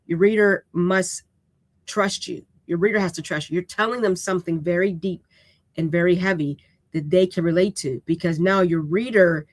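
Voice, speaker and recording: A woman's voice: on the low side, steady tone, normal speed, dry recording. Blunt, casual woman teaching writing. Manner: casual and direct, checks in with "okay?"; unapologetically raw way of speaking. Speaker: writing instructor and host. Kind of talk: live-streamed writing lesson.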